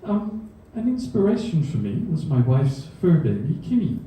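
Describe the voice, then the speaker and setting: A man's voice: a little high, sing-song, normal speed, dark tone. Dry-witted man telling science jokes onstage. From Australia. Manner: dry self-deprecating humor, chuckles at his own jokes. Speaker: university researcher giving a comedy science talk. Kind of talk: stand-up science talk. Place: comedy venue stage before a live audience. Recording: echoey hall, mic from a distance.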